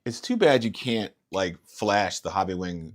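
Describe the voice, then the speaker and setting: A man with a somewhat low voice hosts a casual live stream from home. He reads through settings out loud and muses half to himself, often letting his sentences trail off. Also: expressive, unhurried. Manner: thinking aloud, trailing off. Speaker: RC hobby channel host. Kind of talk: casual live unboxing chat.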